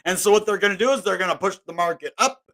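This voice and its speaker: A man's voice: high voice, racing, fairly bright tone. A man hosting casual crypto market commentary, rambling and exasperated, often cutting himself off mid-sentence. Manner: rambling, exasperated, self-interrupting. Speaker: crypto video host.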